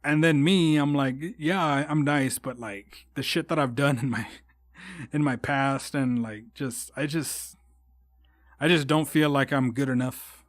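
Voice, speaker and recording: A man's voice: medium pitch, measured pace, no echo, studio quality. A young man hosting a solo podcast, rambling and swearing a lot with frequent restarts. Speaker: podcast host. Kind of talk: casual solo podcast monologue.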